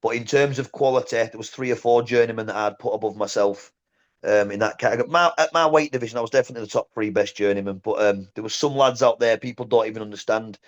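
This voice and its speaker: A man, a former boxer telling stories in a casual interview, blunt and animated, often saying "mate". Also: fairly low pitch, quick pace, muffled recording. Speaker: guest, former boxer and coach.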